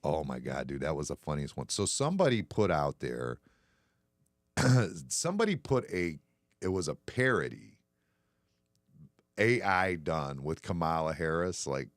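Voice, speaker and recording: Deep-voiced man in blunt bar-talk. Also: a little slow, pauses often, no echo, studio quality. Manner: animated, blunt and sarcastic, swears freely. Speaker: podcast host. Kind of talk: casual bar-talk chat on a live stream.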